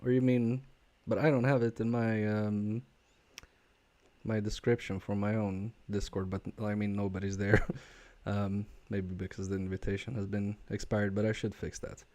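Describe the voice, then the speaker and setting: A man casually chatting with viewers on a live stream while repairing a game controller, talking haltingly with fillers and restarts. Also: lowish voice, flat delivery, warm tone. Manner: halting, many fillers and restarts, chuckling asides. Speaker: repair livestreamer.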